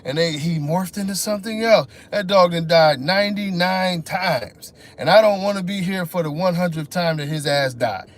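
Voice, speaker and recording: High-voiced guy w/ black ranting and cussing on a livestream, mocking everybody. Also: normal speed, few pauses. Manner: profane, mocking, animated rant. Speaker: livestream host. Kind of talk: ranting live stream.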